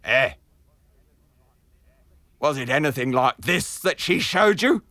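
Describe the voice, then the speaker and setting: A man doing a blunt, loud noodle peddler. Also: mid-range voice, lively intonation, slow, no echo, studio quality, pitched above the performer's own voice, exaggerated voice. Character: gruff male noodle peddler, unsympathetic, eerie. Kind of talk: storybook reading.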